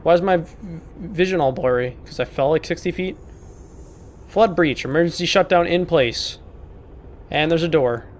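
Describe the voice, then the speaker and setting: A man's voice: on the high side, normal speed, slight background noise. A man hosting a horror game playthrough, talking to the characters with joking, profane, mock-apologetic banter. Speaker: gaming video host. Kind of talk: horror game let's play commentary.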